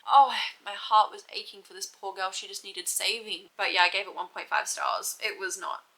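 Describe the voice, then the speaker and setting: Woman, Australian accent, young adult, casual book chat, bright tone, gushing. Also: medium pitch, steady tone, moderate pace, poor audio. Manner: chatty, gushing, laughs often. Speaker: book vlogger.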